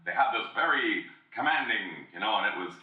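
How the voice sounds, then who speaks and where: A man's voice: on the low side, animated, fairly quick, distant mic. A man co-hosting a casual podcast, telling rambling stories and dropping into brief voice impressions. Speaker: podcast co-host. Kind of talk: casual chat. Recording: dull lo-fi sound in an echoey room, off mic.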